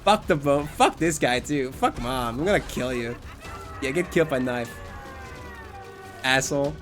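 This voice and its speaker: A streamer chatting loosely over gameplay in a rambling, joking way and swearing freely. The pitch rises and falls a lot from line to line. Faint game music sits quietly underneath. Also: animated, unhurried. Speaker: Twitch streamer. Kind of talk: casual live gameplay commentary.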